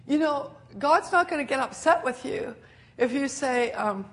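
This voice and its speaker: An older woman preaching a sermon, animated and laughing often as she acts out quotes. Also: sits high, measured pace.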